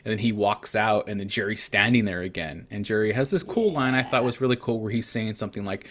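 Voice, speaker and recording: Guy on a podcast call rambling through a movie plot, kinda low voice, tons of "like". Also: fast talker, a bit bright, a little hiss or hum. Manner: retells plot loosely with many fillers and quoted lines. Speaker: podcast co-host. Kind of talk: casual movie review chat. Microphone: video call.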